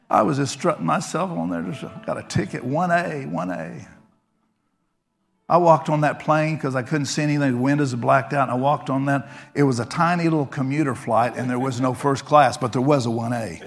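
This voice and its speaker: A man's voice: mid-range voice, moderate pace, gravelly, fairly bright tone, husky, soft background music. A middle-aged man preaching a sermon, telling a story in a conversational way and then rising into fervent prayer.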